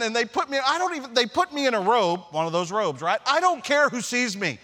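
A middle-aged man preaching a sermon, telling a personal story with animated, self-deprecating humor. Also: extremely high pitch, brisk, few pauses. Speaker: pastor.

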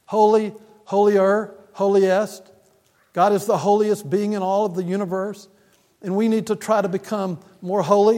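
A man preaching a sermon, earnest and repetitive in his emphasis, with touches of gentle humor. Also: high voice, level tone, measured pace. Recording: long reverb of a church hall.

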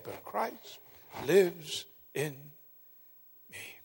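A man preaching a sermon, telling stories with dramatic emphasis and long pauses. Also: high-pitched, animated, creaky. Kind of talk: sermon with storytelling. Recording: long hall reverb.

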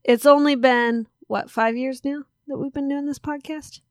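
A woman's voice: high-pitched, steady tone, moderate pace, no room sound, clean studio sound. Chatty woman podcast host, rambling. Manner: rambling, teasing, self-correcting. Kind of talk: casual chat.

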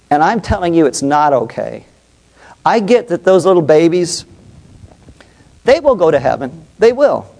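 A man's voice: a little high, creaky, mellow. A middle-aged man, a pastor and psychologist, preaching a passionate, emphatic sermon and putting questions to the congregation.

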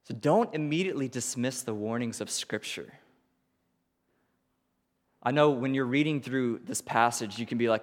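Animated male pastor preaching in a hall. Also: mid-range voice. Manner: animated, questioning, with quick rhetorical asides. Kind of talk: sermon.

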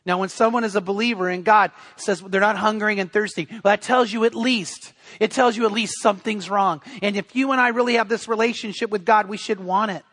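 Male pastor, middle-aged, high-pitched, chatty storytelling sermon, dry close sound. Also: steady tone, a little fast, hardly any pauses, a bit bright, no echo. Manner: storytelling, conversational with frequent restarts.

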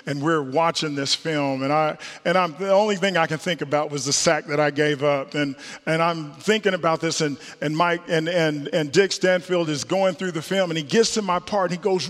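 A man's voice: fairly high pitch, moderate pace, fairly bright tone, long reverb tail. A middle-aged man, a former football player, preaching a sermon and telling a personal story, earnest and repeating key phrases for emphasis.

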